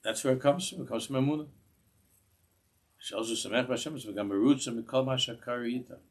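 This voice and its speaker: Talking fast in a husky voice of medium pitch, this rabbi teaches a synagogue class with real earnestness. His sermon weaves in Hebrew terms, and he often starts phrases over.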